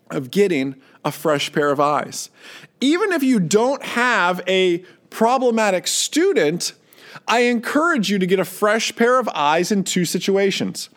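A man with a notably high speaking voice talks to other flight instructors in a loose, conversational way. He mixes advice with stories from his own teaching and briefly mimics the students he quotes. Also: big pitch swings, unhurried. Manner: storytelling, acts out quoted students. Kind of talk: casual teaching talk.

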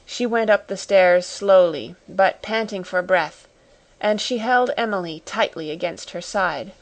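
A woman narrating a classic storybook audiobook in a measured, even manner. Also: mid-range voice.

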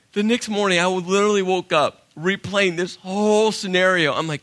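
Male pastor, high bright voice, animated sermon storyteller. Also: moderate pace, few pauses. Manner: animated storyteller, acts out his own inner dialogue.

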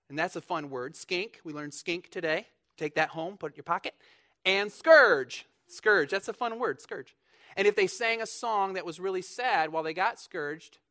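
A young man preaching a lively, joking sermon in church, bursting into loud mock voices. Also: fairly high pitch. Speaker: pastor.

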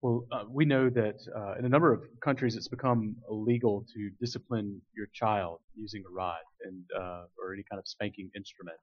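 Lowish-voiced man moderating, hesitant, lots of uhs, dull lo-fi audio. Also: fairly even intonation, brisk, hardly any pauses. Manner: hesitant, many fillers. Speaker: moderator asking questions. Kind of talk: asking a question in a panel. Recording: dull lo-fi recording.

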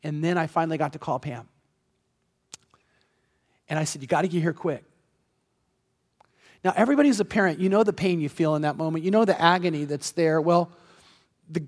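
Preaching in a large-sounding church sanctuary, where a long reverb lingers after his words, this pastor has a notably high, light voice. He shares a personal story earnestly, driving each point home by repeating it.

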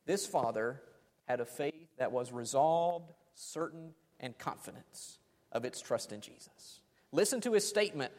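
A man's voice: fairly high pitch, expressive, moderate pace, darkish tone. A man preaching a sermon, dramatic, letting his phrases fade off almost to silence. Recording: long hall reverb.

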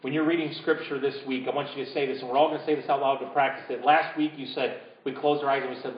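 A man preaching a sermon as pastor, building to emphatic peaks and dropping to hushed prompts for the congregation. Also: mid-range voice, steady tone, quick pace, few pauses. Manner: drops to a hushed voice leading a congregation. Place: church sanctuary. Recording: roomy, dull church recording.

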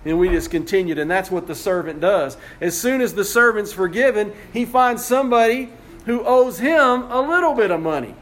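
A man's voice: high-pitched, moderate pace, fairly bright tone. A male pastor preaching a sermon, retelling a story conversationally with frequent restarts.

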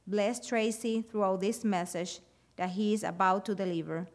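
A woman leading a spoken prayer in a steady, reverent manner before a sermon. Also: medium pitch, moderate pace. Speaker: prayer leader.

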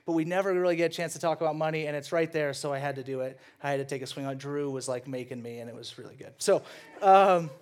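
This young preacher talks in a fairly high voice. He is animated and playful, and he keeps breaking into laughter as he tells stories from the pulpit. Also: quick pace. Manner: animated, joking, laughs often. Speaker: pastor. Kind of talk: sermon.

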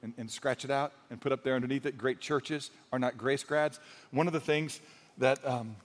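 A man's voice: medium pitch, steady tone, normal speed. A male pastor preaching a sermon in a conversational, storytelling way, with humor and rising emphasis. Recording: long hall reverb.

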